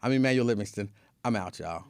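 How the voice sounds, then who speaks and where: A man hosting a casual livestream show, telling a story in an animated way, laughing often and acting out scenes. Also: lowish voice, quick pace, clean tone. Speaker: show host.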